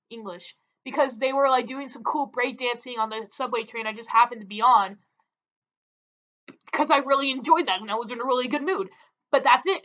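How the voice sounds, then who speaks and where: A young woman tells a story to the camera, chatty and animated, with lots of "like" in her speech. Her voice sits high, and the recording sounds a little dull and lo-fi. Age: young adult. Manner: chatty, filler-heavy, animated. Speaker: vlogger. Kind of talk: casual storytelling.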